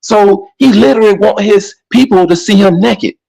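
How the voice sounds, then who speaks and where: High-voiced emphatic man on a panel. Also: moderate pace, gravelly, warm tone, low-quality recording. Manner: emphatic, repeats points, slangy. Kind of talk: casual online panel chat.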